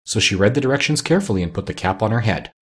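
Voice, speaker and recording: Husky man reading a storybook. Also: lowish voice, lively intonation, very fast. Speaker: narrator.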